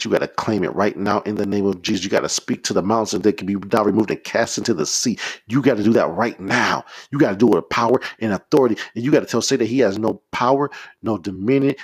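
A man's voice: fairly low pitch, husky. A man preaching a podcast sermon, leading prayers in a fervent, repetitive, exhorting way.

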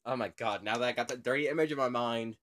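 A man's voice: medium pitch, fast, fairly bright tone. Goofy man hosting an improvised podcast. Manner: goofy, joking, rambling, laughs often. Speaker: podcast host. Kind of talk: casual improvised podcast chat.

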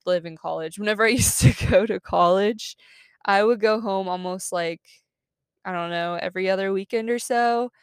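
A woman's voice: medium pitch, clean tone, no echo, studio quality. A young woman, chatting casually as a podcast host from her parked car, upbeat and full of fillers. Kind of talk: casual chat.

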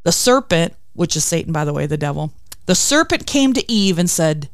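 A woman's voice: on the low side, moderate pace, dry recording. A woman hosting a faith devotional talk, telling stories expressively and acting out quotes. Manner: expressive storytelling with acted quotes. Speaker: podcast host.

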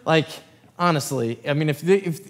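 Pastor with a raised voice in a reverberant hall. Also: male voice, a little high, moderate pace. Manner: reads scripture, then breaks into loose conversational asides. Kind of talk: sermon with scripture reading. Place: church sanctuary.

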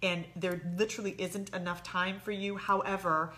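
A woman in relaxed conversation, talking animatedly and slipping into little voices when she quotes people. Her voice is bright and clear, with a middling pitch. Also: moderate pace. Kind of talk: casual conversation.

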